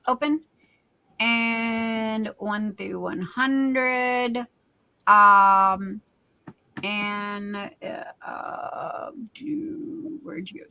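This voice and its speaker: A woman's voice: mid-range voice, sharp tone, clean tone, no room sound, rough recording. A woman hosting a casual livestream, reading out viewer comments in a silly, chatty way. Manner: chatty and silly, self-described class clown. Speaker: livestream host.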